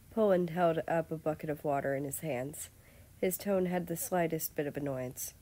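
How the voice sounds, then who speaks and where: A woman reading fan fiction aloud as a steady storyteller. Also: sits low, normal speed. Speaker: fanfiction reader.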